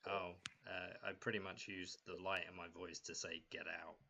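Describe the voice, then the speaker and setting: A man playing in a tabletop game, loud and quick to laugh as he describes his character. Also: low-pitched, flat delivery. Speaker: player.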